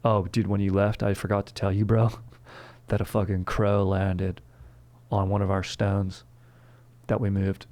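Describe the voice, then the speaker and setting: A man's voice: low-pitched, little pitch movement, a little slow, pauses often, dark tone. A young man hosting a comedy history show, rambling in a slangy, profane way and calling everyone dude and bro. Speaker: comedy history podcast host.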